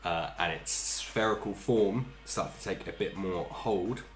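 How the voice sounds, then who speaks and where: A man's voice: sits low, a little slow. A man narrating a tabletop game as game master, describing combat and often laughing as he talks. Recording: roomy echo with background music.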